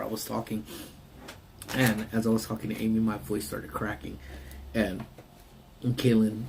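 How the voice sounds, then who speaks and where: A man's voice: lowish voice, gravelly, darkish tone, slight background noise. A man hosting a casual live stream from his parked car, rambling and answering his chat. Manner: laid-back, rambling, reads and answers chat. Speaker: livestream host.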